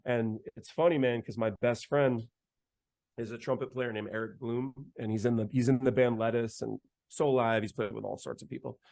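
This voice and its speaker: A man's voice: medium pitch, steady tone, moderate pace, vocal fry, darkish tone, no room sound. A young man, a saxophonist guest, telling a story in a loose, chatty way with lots of "like" and "man". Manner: chatty, heavy use of "like" and "man". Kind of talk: casual storytelling.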